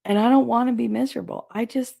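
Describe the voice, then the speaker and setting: A woman host chatting casually and bluntly with viewers, swearing freely, her throat raw and hoarse. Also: on the high side, steady tone, quick pace, dark tone. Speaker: show host reading viewer comments. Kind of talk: casual solo livestream chat.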